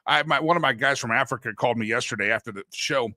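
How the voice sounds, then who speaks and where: A middle-aged man hosting a casual political talk show, joking his way through memes and swinging between loud bits and hushed asides. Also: medium pitch, quick pace, no echo. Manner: jokey, sings a silly jingle between segments.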